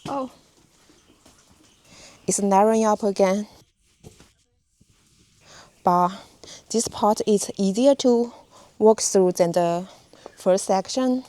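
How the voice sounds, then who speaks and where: A woman's voice: medium pitch, takes it slowly, long pauses, mellow, dry recording. A young woman vlogging casually as she hikes through a narrow, humid cliff crack, chatting to viewers as she walks. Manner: chatty, talks to viewers while walking. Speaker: hiking vlogger. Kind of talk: casual vlog narration while hiking.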